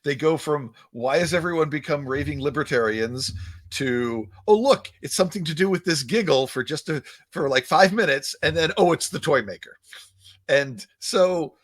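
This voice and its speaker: A man's voice: a little high, moderate pace. A man co-hosting a casual podcast chat, wry and critical, laughing often between points. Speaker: podcast co-host.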